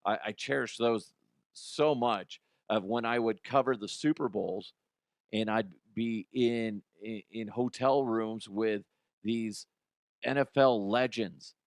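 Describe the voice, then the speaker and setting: Speaking slowly in a lowish voice on a dry recording, this middle-aged man hosts a casual podcast monologue. He's a youth coach too, and he's blunt, swears freely and performs quotes loudly.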